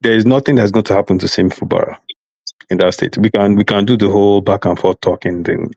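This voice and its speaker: A man's voice: fairly low pitch, fairly even intonation, a little fast, creaky, a little mellow, dry recording, dull audio. A man arguing insistently on a live political panel, talking over others and repeating himself. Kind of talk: heated live panel debate.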